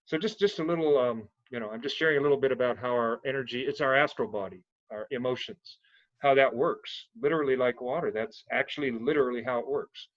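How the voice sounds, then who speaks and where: A man's voice: mid-range voice, fast, a bit bright, no echo, lo-fi sound. A man sharing earnest spiritual reflections in a casual, rambling way on an online call. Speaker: participant in an online gathering.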